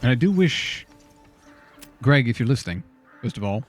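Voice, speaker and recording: A man's voice: medium pitch, sing-song, normal speed, soft background music. A man streaming a game, chatting casually and muttering exasperated questions to himself as he plays. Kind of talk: casual gameplay commentary.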